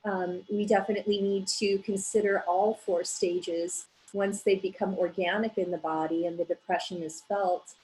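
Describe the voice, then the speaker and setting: A woman presenting her graduate research in a measured, explanatory way, with frequent fillers as she goes. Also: medium pitch, flat delivery, darkish tone, low-quality recording. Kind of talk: academic presentation.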